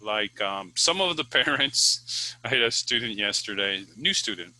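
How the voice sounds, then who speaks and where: A man's voice: fairly low pitch, animated, moderate pace, pushed and bright, dry recording, rough recording. A man who teaches English, giving casual advice to the camera in a chatty way, with many fillers and restarts.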